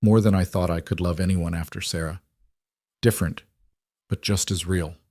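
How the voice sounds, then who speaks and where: A protective mountain cowboy, read by a male narrator in a storybook. The voice is lowish, quiet and restrained. The recording is close and dry. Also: steady tone, normal speed, no room sound. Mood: remorseful, tender.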